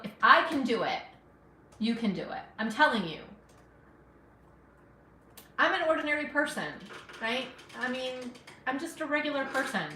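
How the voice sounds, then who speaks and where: A woman's voice: sits high, recorded from a distance, background noise. Woman, middle-aged, chatty, encouraging, sniffling, echoey kitchen. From Afghanistan. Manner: chatty, encouraging, talks to viewers while cooking. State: sniffling from allergies. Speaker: cooking livestreamer. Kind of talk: casual live cooking stream chat. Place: home kitchen.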